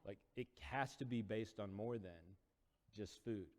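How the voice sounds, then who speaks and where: A man's voice: fairly low pitch, unhurried, a little mellow. Man preaching in a reverberant hall. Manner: casual storytelling, acts out quotes with rising intensity. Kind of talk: sermon retelling a Bible story.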